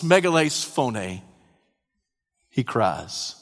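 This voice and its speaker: A man preaching a sermon, swinging dramatically from hushed, quiet lines to loud, shouted ones. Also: on the high side, animated, takes it slowly. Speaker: pastor. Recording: long hall reverb.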